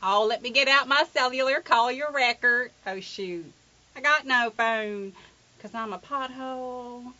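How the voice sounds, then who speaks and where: A goofy talking pothole with a slow drawl, put on by a woman. The voice rides very high and bright, stretching every word in a singsong lilt. The recording sounds slightly dull and lo-fi. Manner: high, drawn-out, singsong delivery. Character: talking pothole, Southern-drawling, folksy and silly.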